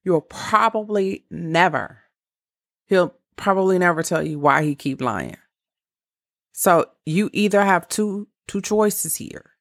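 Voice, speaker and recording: A woman of about fifty talks through relationship advice in a slow, blunt, candid way and swears freely. Her voice is gravelly with a rough fry. The sound is dry and close. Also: on the low side, no room sound. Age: around 50. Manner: blunt, profane, candid with laughing asides. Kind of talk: casual advice monologue.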